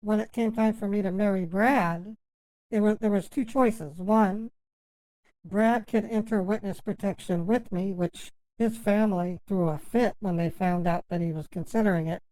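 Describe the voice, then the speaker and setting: A woman with a mellow, warm voice rambles on a phone call. She stammers and restarts her sentences, fills the gaps with ums, and the sound is dry and close. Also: mid-range voice, dry recording. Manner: halting, stammering, full of fillers and restarts. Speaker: scambaiter posing as a victim.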